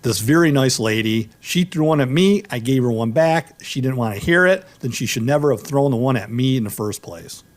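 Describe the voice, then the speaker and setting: A middle-aged man hosting a radio talk show, telling a story with a lively, swinging pitch. He talks in loose, animated banter and climbs into exclamations. His voice sits in a middle register. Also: a little fast, few pauses. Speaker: law show host.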